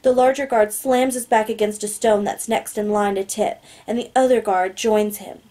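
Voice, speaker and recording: A woman narrating a novel in the first person, steady and plain. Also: medium pitch, normal speed. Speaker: audiobook narrator.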